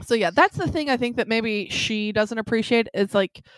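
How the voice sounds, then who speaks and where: A woman's voice: a little high, moderate pace, no echo, studio quality. A young woman telling a story in casual chat, acting out the other people's lines as she goes. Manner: animated storyteller acting out quotes. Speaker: friend chatting.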